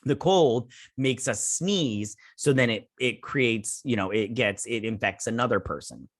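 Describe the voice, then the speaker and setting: An unhurried, animated man with a mid-range voice, captured dry at studio quality. He's a review channel host giving a rambling, hesitant, casual recap of an episode, packed with fillers and restarts, sometimes doing playful voices for the characters.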